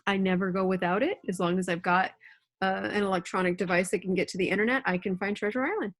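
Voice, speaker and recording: A woman teacher reading a classic novel aloud to her students at home in a clear, steady storytelling voice. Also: mid-range voice, fast talker. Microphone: computer mic.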